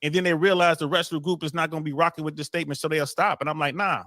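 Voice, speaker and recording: Fast, bright-voiced man. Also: on the high side, level tone, no room sound. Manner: streetwise, full of filler phrases. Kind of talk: casual panel talk.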